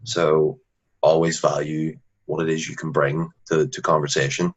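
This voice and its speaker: A man's voice: rumbling low, level tone, moderate pace, husky. A man, a guest in a casual interview, talking earnestly and often restarting his sentences. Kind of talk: casual conversation. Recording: dull lo-fi recording.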